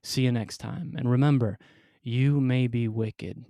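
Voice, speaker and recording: A man hosting and telling a scripted personal story, with wry, dramatic delivery and pointed pauses. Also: mid-range voice, steady tone, dark tone, dry recording. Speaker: storyteller and podcast host.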